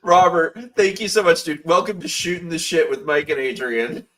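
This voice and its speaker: A man hosting a casual online talk show, playful and quick to laugh. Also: on the high side, a bit bright. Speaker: host. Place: lived in Brooklyn.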